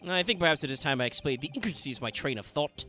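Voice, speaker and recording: A man's voice: on the high side, expressive, very fast, sharp tone, soft background music. A man voicing a pompous male Victorian detective in a put-on British accent, reading game dialogue with theatrical flourish. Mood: grandiose. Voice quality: theatrical, declamatory.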